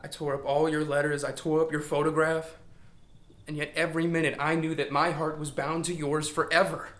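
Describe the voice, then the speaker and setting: An actor playing a despairing, lovesick young writer who pleads, swinging from hushed to shouting. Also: male voice, fairly high pitch, little pitch movement, fairly quick, close to an everyday voice. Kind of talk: stage drama scene on film. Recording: echoey room.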